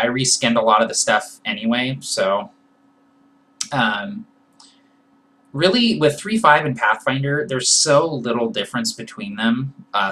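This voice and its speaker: A man hosts a live question-and-answer session, working through each reply in a relaxed, conversational way. His voice is bright and forward, at an ordinary pitch for a man. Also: poor audio. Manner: thinks aloud, loose and conversational. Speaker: host answering viewer questions. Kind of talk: casual live Q&A.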